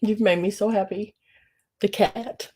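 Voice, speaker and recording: A woman hosting a live online sale, tearful and crying as she talks, emotional and grateful, halting between her words. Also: medium pitch, steady tone, a little mellow, husky. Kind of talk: live-streamed auction chat.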